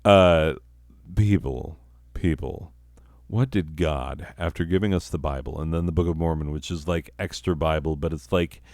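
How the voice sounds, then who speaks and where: A man's voice: extremely low pitch, normal speed, darkish tone, no room sound, studio quality. A man hosting a comedy podcast, rambling and profane, mocking himself. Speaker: podcast host.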